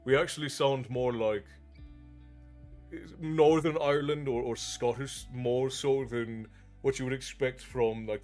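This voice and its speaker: A middle-aged man from Newfoundland with a mostly American-sounding accent and faint Newfoundland traces, chatting with his live chat and pausing often to think. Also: mid-range voice, darkish tone. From Newfoundland, Canada. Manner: pauses to think, frequent restarts. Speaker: streamer.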